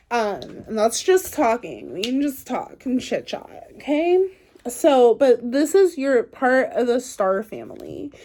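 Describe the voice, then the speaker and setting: Mellow-voiced woman doing a chatty tarot reading. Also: on the high side. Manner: chatty, encouraging, talks straight to the viewer; loose and playful, says "like" and "y'all". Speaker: tarot card reader. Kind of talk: casual spiritual card reading to camera.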